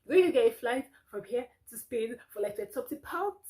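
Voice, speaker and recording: A woman's voice: fairly high pitch, animated, fast talker, mellow, low-quality recording. A young woman from Nigeria with a Nigerian accent, chatting casually to camera as a vlogger, laughing often as she talks.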